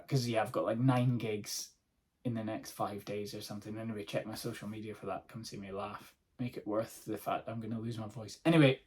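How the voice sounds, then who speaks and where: A man, a comedian hosting his own podcast, telling rambling, sweary stories in a casual monologue. He is hoarse from a sore throat. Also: medium pitch, darkish tone.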